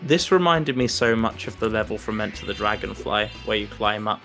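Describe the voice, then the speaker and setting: A man with a fairly low voice chatting during a game session. He jokes bluntly and plainly. Faint instrumental music plays behind him. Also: expressive, a little fast, vocal fry, pushed and bright. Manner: joking, blunt. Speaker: gameplay commentator. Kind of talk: casual chat.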